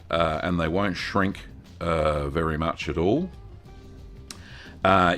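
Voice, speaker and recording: A relaxed Australian man hosts a live question-and-answer stream, ambling through his answers in a deep, gravelly voice. He greets viewers by name in a folksy way. Faint music plays under him. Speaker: host of a cheese-making livestream.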